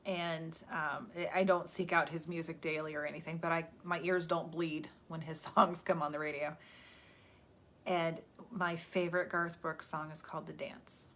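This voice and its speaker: A woman with a deep, fairly bright voice hosts an indoor livestream, talking at normal speed in a level tone. Her motivational talk is casual, chatty and rambling, and she laughs at herself, picked up by a phone or webcam.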